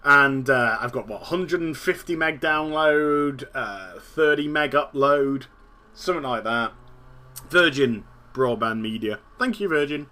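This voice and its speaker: A man's voice: medium pitch, measured pace, bright, forceful tone. A man in his thirties hosting a gaming show, ranting casually, exasperated and sweary, repeating himself and laughing at his own jokes. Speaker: gaming podcast host.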